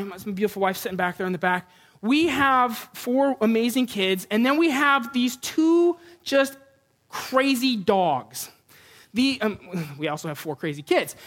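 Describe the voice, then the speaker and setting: A man preaching a sermon as a pastor before a congregation, telling a funny personal story with animated, self-mocking humor. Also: very high voice. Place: church before a live congregation.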